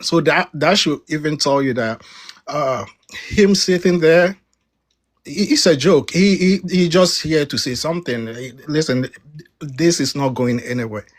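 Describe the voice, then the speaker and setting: Man, from Africa, debate panelist, emphatic, repeats words, slightly high voice. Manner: emphatic, repeats words when cutting in, rising pitch on key points.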